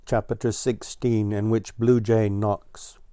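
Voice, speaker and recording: A man reading a children's story aloud in a slow, even storytelling manner. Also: fairly low pitch, clear, resonant tone, no room sound. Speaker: storybook reader.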